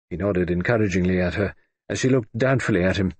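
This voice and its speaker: A man narrating an audiobook in a scripted, expressive reading. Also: low voice, fast talker, slightly rough, no room sound.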